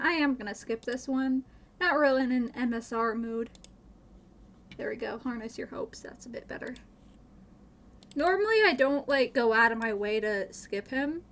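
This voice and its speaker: A woman's voice: fairly high pitch, moderate pace. A woman streamer chatting casually while modding a game, rambling, swearing freely and laughing nervously.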